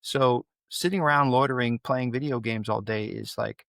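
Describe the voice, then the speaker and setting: A middle-aged man with a gravelly, rough-edged voice, talking as a podcast guest. He tells his stories with energy and jumps into the voices of the people in them. The sound is dry and close, with almost no room echo. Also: medium pitch, normal speed. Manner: animated storyteller who acts out quoted dialogue. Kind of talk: conversational storytelling.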